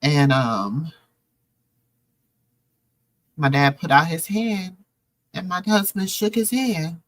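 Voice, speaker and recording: A woman's voice: on the low side, slow pace, dry recording. Heartfelt middle-aged woman, dry sound. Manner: emotional, preacherly, calls listeners baby and y'all. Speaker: show host. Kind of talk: heartfelt personal storytelling.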